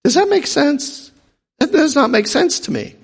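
A man's voice: very high-pitched, very animated, unhurried, creaky, long reverb tail. A man giving an informal, conversational sermon with jokey asides and acted-out quotes. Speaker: preacher.

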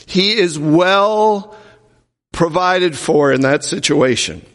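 A man's voice: a little high, lively intonation, slow pace, fairly bright tone. A male pastor preaching a sermon, emphatic and driving home his points with repeated rhetorical questions. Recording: reverberant hall.

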